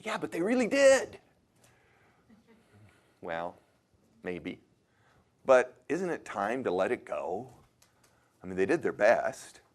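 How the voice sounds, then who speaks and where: A man speaking to a workshop audience, asking them direct questions and coaching them in a plain, conversational way with some hesitations. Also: fairly low pitch. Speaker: workshop leader. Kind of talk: motivational workshop talk.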